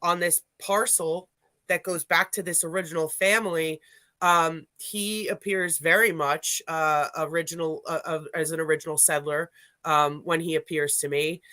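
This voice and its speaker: A paranormal investigator chatting casually on a live stream, telling a rambling story full of restarts and self-corrections, and growing animated when retelling dialogue. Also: mid-range voice, normal speed, no echo.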